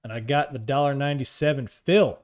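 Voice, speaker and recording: On a live trading stream, a man with a mid-range voice talks briskly, calling out prices and coaxing the market. He reads chat aloud and jokes with viewers in an upbeat way.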